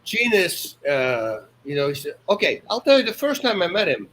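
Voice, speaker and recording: A man in his fifties from the Netherlands with a Dutch accent, a podcast guest telling animated stories with loud exclamations. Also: high voice, moderate pace, slight background noise, poor audio. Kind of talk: casual storytelling.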